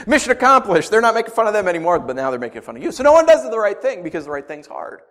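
A man's voice: sits high, sing-song, a little fast, a bit bright. A middle-aged man preaching a sermon, reading scripture and then explaining it in a loose, conversational way with asides and jokes. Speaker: pastor.

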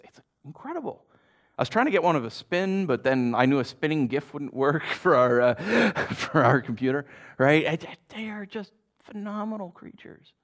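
A man's voice: mid-range voice, a bit bright. A man, a pastor, giving a casual, conversational sermon to a congregation. He chuckles often and keeps checking in with "right?".

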